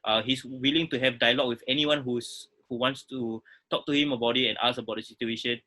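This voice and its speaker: A man's voice: medium pitch, fairly even intonation, fairly quick, pushed and bright. A man co-hosting a podcast, frank and rambling with lots of fillers. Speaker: podcast co-host. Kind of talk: casual podcast discussion.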